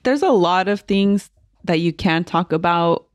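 A woman's voice: on the low side, lively intonation, a little slow, no room sound, dull audio. A young woman co-hosting a podcast in casual chat, blunt and outspoken, swearing freely. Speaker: podcast co-host.

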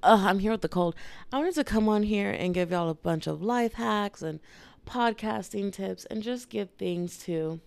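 A woman's voice: medium pitch, normal speed, creaky, clean tone, dry recording. A woman hosting her own podcast, chatting in a playful, rambling way while congested from a cold. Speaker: podcast host. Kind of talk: casual solo podcast chat.

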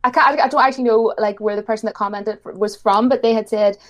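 A woman's voice: fairly high pitch, steady tone, fast. A woman from Ireland with an Irish accent, chatting casually and laughing often. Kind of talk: casual chat.

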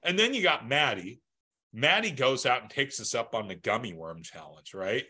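A man co-hosting a casual podcast, with a bright, forceful voice that stays at an ordinary pitch. He talks loosely and profanely, laughs often and stumbles over his restarts. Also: animated, normal speed, husky. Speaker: podcast co-host. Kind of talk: casual chat.

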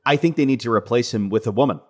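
A man's voice: medium pitch, very fast. A man co-hosting a podcast, chatting casually in a playful, jokey way. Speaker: podcast co-host. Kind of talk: casual chat.

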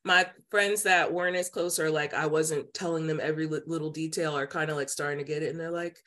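A woman speaking as a podcast guest, telling a personal story in casual chat, filled with "like" and lively quoted voices. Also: sits low, fast. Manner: chatty, many "like" fillers, animated quoting voices. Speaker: podcast guest, psychic intuitive.

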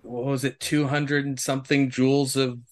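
A man acting as game master, explaining the rules in an encouraging, measured way with pauses and fillers. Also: medium pitch, level tone.

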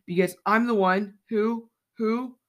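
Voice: mid-range voice, fairly even intonation, slow pace, fairly bright tone, pitched above the performer's own voice. A storyteller voicing a nervous, guilty male dog in a children's storybook, in a worried, pleading way. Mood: anxious.

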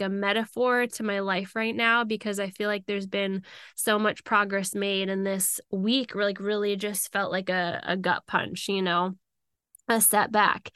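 A woman host telling a personal story in an animated, emotional way, acting out her own thoughts as she goes. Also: medium pitch, clean tone, dry recording, studio quality.

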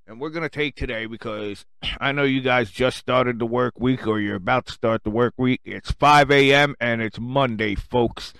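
A man hosting his own radio show, delivering an angry, sarcastic rant full of cursing, swinging between low muttering and loud outbursts. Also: moderate pace, clear, resonant tone, no echo. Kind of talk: profane rant.

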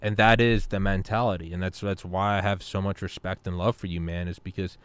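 A man in his thirties hosting a podcast, telling stories in an animated, casual way, swearing freely and repeating words. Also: low-pitched, brisk, clear, resonant tone, dry recording. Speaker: podcast host. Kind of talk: casual storytelling chat.

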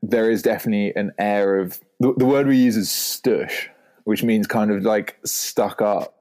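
This man's voice sits fairly low and sounds slightly mellow, at a moderate pace. In his 20s and from England, he speaks with a posh London accent as a podcast guest, chatting casually while stammering, hesitating and seeming self-conscious.

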